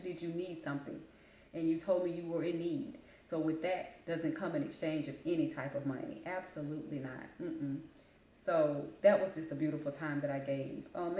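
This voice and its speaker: Woman host, chatty storytelling, low-ish voice, echoey room, dull lo-fi audio. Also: darkish tone. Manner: chatty, storytelling, Southern colloquial phrasing. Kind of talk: casual monologue.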